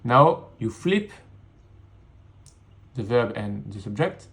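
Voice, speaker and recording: Slow male teacher. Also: medium pitch, very animated, a bit bright. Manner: slow, repeats words in English and French. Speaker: French teacher. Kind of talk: beginner language lesson. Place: home studio.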